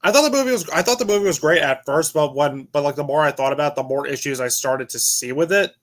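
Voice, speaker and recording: A man's voice: on the high side, expressive, fast, a bit bright. A tired man giving a casual movie review on a panel, rambling and restarting his sentences. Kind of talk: casual chat.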